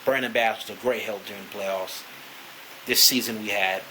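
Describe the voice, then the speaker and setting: A man's voice: on the low side, fairly even intonation, moderate pace, pushed and bright, slight background noise, poor audio. A man ranting casually to camera as a sports fan, profane and rambling, with lots of "you know" fillers.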